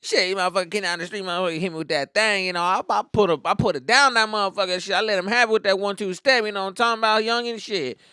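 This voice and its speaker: Swaggering young dude full of street slang and boasts, pitched up high and bright, as a man puts him on. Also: fairly even intonation, rapid-fire, hardly any pauses, smooth, dry recording, clean studio sound. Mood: boastful. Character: swaggering young male friend, slangy and cocky.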